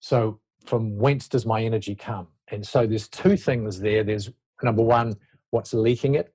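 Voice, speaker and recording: Husky guy in an interview, mid pitch, talks through leadership ideas in a loose rambling way, lots of restarts. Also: darkish tone. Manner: reflective, loose, self-interrupting explanations. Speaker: leadership expert guest. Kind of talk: conversational interview talk.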